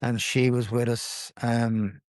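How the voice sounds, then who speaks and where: A man with a Dublin Irish accent talks through his life story as a podcast guest. He is lively and swears freely in a casual, chatty way. His voice sits at an ordinary pitch, recorded dry and close. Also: slow pace, no echo. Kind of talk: personal storytelling in casual chat.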